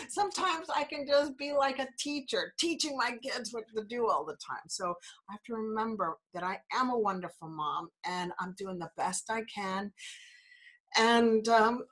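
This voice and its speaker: A woman's voice: on the high side, normal speed, a bit bright, breathy edge. A woman in her fifties from New Zealand, slightly congested, hosting a podcast with an upbeat, encouraging motivational talk full of repeated affirmations. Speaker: podcast host.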